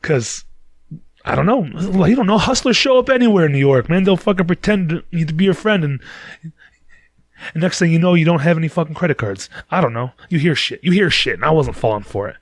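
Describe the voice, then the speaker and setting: A man's voice: fairly high pitch, animated, a little fast, no echo. A man from Detroit, a podcast host who tells a story in a casual, rambling, profane way. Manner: profane, rambling, laid-back.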